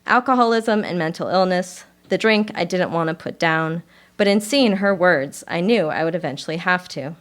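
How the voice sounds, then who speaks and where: A woman author reading her personal essay aloud at a live reading, in a measured and expressive voice. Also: on the low side. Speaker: author reading own work.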